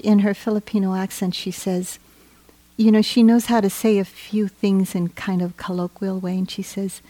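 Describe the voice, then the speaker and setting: Gentle reflective woman, mellow voice. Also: medium pitch, no room sound. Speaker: meditation teacher. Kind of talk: dharma talk on retreat. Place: meditation retreat.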